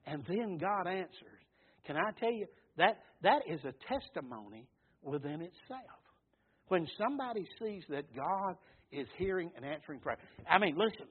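Preacher guy, husky high voice, fired up and folksy, tinny phone-like audio. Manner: fervent, rising to shouts, folksy storytelling. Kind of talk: sermon.

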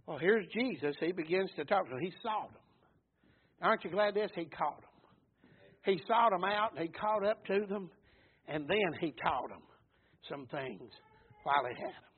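A man preaching a sermon in a folksy way, repeating words, building to loud calls and then dropping low. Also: lively intonation, moderate pace, pauses often, husky. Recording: tinny phone-like recording.

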